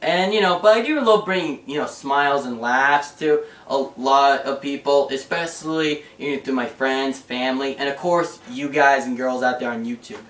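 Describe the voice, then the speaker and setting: A young man chatting casually in a vlog, answering fan questions in a rambling, excitable way with lots of fillers. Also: mid-range voice, moderate pace, hardly any pauses, far from the mic. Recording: roomy sound, away from the mic.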